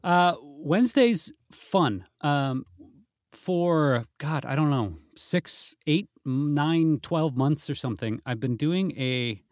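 A man's voice: on the high side, animated, slow, darkish tone, no echo, studio quality. A man in casual podcast chat, telling a story with many asides and restarts, in a self-deprecating way. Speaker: podcast co-host.

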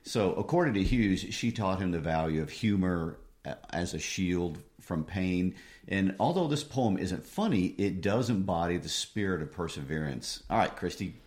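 A man co-hosting an educational discussion, giving historical background in a measured, informative way. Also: deep voice, expressive, darkish tone. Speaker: co-host.

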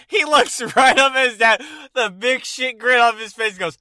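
A young man from Texas, in his twenties, tells a story on a casual podcast with a high, bright voice. He laughs a lot and acts out the voices of the people in it. The sound is close and dry. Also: normal speed, no echo. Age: 20s. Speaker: podcast co-host. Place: in a car.

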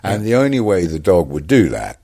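A man's voice: low voice, huge pitch swings, brisk, warm tone. A man telling a long, rambling anecdote as an interview guest, full of "uh" and "you know". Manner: rambling storyteller with many fillers and restarts, acts out quotes. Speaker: guest actor.

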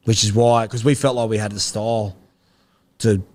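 A man in his thirties with an Australian accent, a former rugby league player telling rambling stories in a relaxed interview. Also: fairly low pitch, normal speed. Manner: laid-back, rambling anecdotes with slang. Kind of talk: casual interview storytelling.

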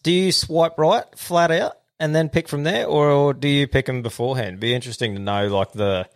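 Laid-back Australian podcast co-host. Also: male voice, a little high, a little fast. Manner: laid-back, laughs often, swears casually. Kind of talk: casual chat.

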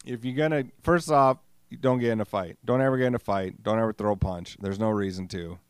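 A man's voice: fairly low pitch, fairly quick, clean tone, no echo, studio quality. A middle-aged man hosting a solo podcast, rambling casually, swearing freely and joking about himself. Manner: rambling, profane, self-deprecating. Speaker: podcast host.

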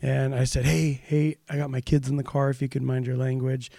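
A man serving as a pastor tells a story in a relaxed podcast conversation, his voice mellow and dark. He raises his voice and livens up whenever he quotes someone. The sound is dry and close to the mic. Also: medium pitch, fairly quick, creaky, no room sound. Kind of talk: casual storytelling in a podcast chat.

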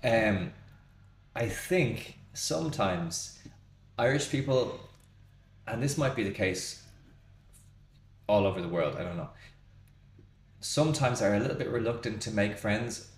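A man's voice: lowish voice, animated, a little slow, long pauses. A man hosting a podcast in a pub, talking casually and rambling until he loses his train of thought. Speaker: podcast host. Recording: roomy pub with faint ambience.

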